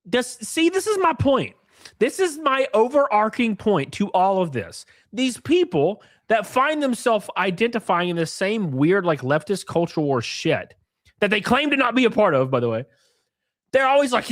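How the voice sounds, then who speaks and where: Mocking male streamer, lively swinging pitch. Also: a little slow, no echo, clean studio sound. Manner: mocking, profane, animated rants. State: drinking on stream. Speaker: streamer reacting to posts. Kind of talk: live stream commentary.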